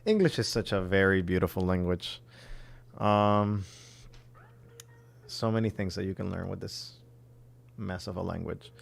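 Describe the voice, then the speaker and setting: A man's voice: sits low, measured pace, creaky, long pauses. A man from the southern United States chatting casually on a livestream while building a phone kit, rambling and thinking aloud as he works.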